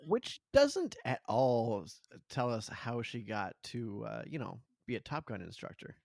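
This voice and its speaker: A man co-hosting a podcast, adding dry, deadpan, sarcastic quips to a casual movie recap. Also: mid-range voice, unhurried, gravelly, no room sound. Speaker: podcast producer and co-host.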